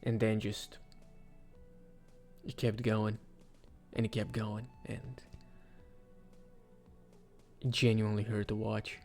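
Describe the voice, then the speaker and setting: A man giving casual, rambling commentary for a video, with sudden excited outbursts. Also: on the low side, slow pace, creaky, pauses often, faint music behind. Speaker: video creator. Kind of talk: casual commentary ranking game characters.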